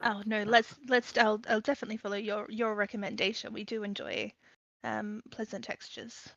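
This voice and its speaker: A woman's voice: medium pitch, moderate pace, fairly bright tone, no room sound. A woman playing a tabletop game, asking questions in a polite, rambling, courteous way. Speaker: player. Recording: dull lo-fi dry mic.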